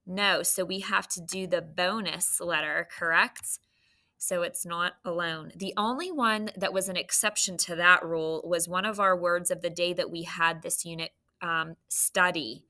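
An adult woman teacher giving a recorded phonics lesson, dictating slowly and prompting students with questions. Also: lowish voice, fairly even intonation, sharp tone.

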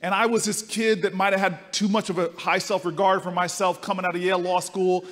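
A man giving a speech to a live conference audience, telling a story with animated swings between loud and soft. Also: sits high, brisk. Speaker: speaker at a conference. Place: large conference hall. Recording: reverberant hall.

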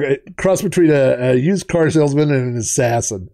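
A man telling stories on a retro gaming vlog in a chatty, rambling way, wandering off on tangents as he talks. His voice sits at an average male pitch. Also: normal speed, gravelly, hardly any pauses, warm tone. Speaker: retro gaming channel host. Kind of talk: casual storytelling vlog.

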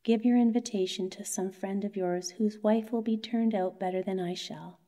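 A woman's voice: mid-range voice, steady tone, moderate pace, dark tone, lightly acted. A woman voicing a petulant, discontented young wife in a bedtime story, sulky and self-pitying.

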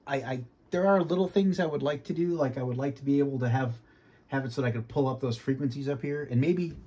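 A man from Boston with a faint Boston accent, giving an easygoing casual review from his home sim cockpit and often clearing his throat. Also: medium pitch, dark tone. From Boston, United States. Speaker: flight sim hobbyist.

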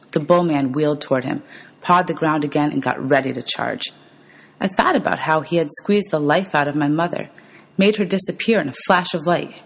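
A woman teacher reads a novel aloud to her students in steady storytelling and calls out the page numbers as she goes. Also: deep voice, rough recording.

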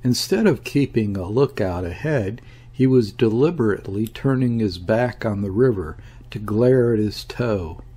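A man narrating a classic novel as an audiobook, reading in a measured, deliberate way. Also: fairly low pitch, expressive, warm tone, breathy edge. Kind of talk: scripted narration.

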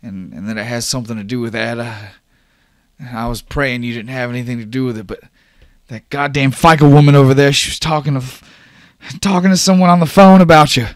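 A man's voice: medium pitch, fairly even intonation, brisk, dry recording, clean studio sound, pitched above the performer's own voice, natural voice. A man voicing a panicked young male rig worker who stammers and repeats himself, worried for his grandmother. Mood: frantic.

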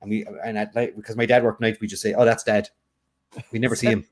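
A man's voice: lowish voice, little pitch movement, fast. A man co-hosting an online quiz, teasing players and laughing often in playful banter. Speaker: quiz co-host.

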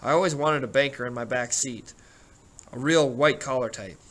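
A man reads as a wry banker who keeps needling his companions with dry sarcasm. The voice sits at an ordinary pitch, in an audiobook read. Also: normal speed, fairly bright tone, natural voice. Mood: dry teasing. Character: wry, teasing male banker in his prime.

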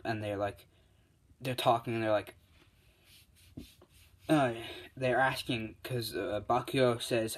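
A man's voice: mid-range voice, steady tone, a little slow, pauses often. A man casually retelling a fan story, rambling with lots of uh's and restarts. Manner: rambling, full of fillers and restarts.

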